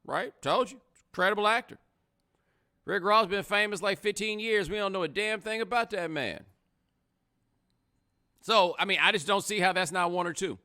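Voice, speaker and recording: A man hosting a casual livestream podcast, talking in an animated, sarcastic way. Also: sits high, moderate pace, pauses often. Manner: animated, sarcastic, rising to loud exclamations. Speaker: podcast host.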